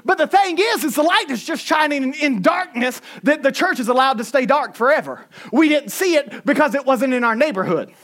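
A man preaching a sermon in a fiery style, often shouting with rising pitch, with a Southern American accent. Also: animated, a little fast, hardly any pauses.

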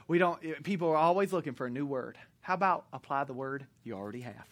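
A pastor preaching to a congregation in church, animated and joking, sometimes shouting. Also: male voice, mid-range voice, fast. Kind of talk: sermon.

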